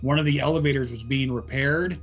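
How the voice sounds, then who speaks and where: A man's voice: medium pitch, a little fast, breathy edge, soft background music. Rambling man with a dull lo-fi sound. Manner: rambling explanations full of "um" fillers. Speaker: paranormal investigator guest. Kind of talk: casual podcast chat.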